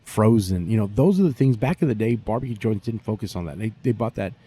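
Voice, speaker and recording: A man, a barbecue pitmaster telling stories in a profane, animated way during a casual interview. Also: on the low side, quick pace, slightly rough.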